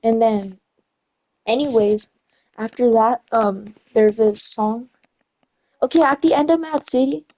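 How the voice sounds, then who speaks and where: A woman's voice: fairly high pitch, a little slow, pauses often, dark tone, rough recording. A young woman chatting casually while gaming, rambling through a story and often correcting herself and losing her place. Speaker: gamer retelling a story.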